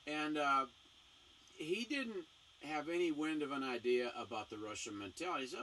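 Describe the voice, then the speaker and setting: A man's voice: on the high side, moderate pace. A man hosting a casual talk show, telling stories and acting out the voices in them. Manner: animated, acts out voices in anecdotes. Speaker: missionary speaker, show host. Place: small home studio. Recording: distant mic, faint background noise.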